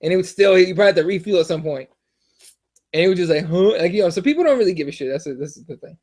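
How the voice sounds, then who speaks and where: A young American man with a high voice rambles through stories on a casual podcast. He swears freely, restarts his sentences and keeps the chat animated. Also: racing. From United States. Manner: rambling, profane, animated storytelling with many restarts. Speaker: podcast co-host.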